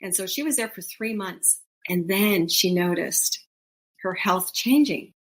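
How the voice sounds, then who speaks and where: A woman's voice: mid-range voice, measured pace. Middle-aged lady podcast host, casual, storytelling with lots of voices and laughs. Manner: animated storytelling, acts out quoted voices with laughs. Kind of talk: casual conversational podcast chat.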